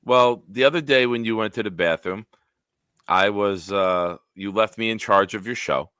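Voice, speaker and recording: A man hosting a casual sports live stream, animated and joking, swearing freely. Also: fairly low pitch, normal speed, clean tone, dry recording, clean studio sound. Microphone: home setup on a video call.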